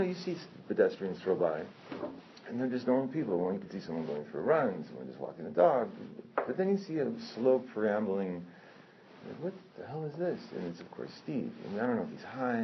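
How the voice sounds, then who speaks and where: A low-voiced man tells a casual anecdote about something that happened to him, speaking a little fast. He's animated and profane, rambling and correcting himself, and the recording sounds dull and lo-fi with faint noise.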